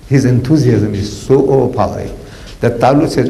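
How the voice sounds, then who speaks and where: A man's voice: mid-range voice, brisk, creaky, dark tone, slight background noise, rough recording. A man in his seventies with a South African accent, preaching in a colloquial, theatrical storytelling style, sprinkling in "man" and "you know". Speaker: Islamic preacher. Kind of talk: animated storytelling lecture.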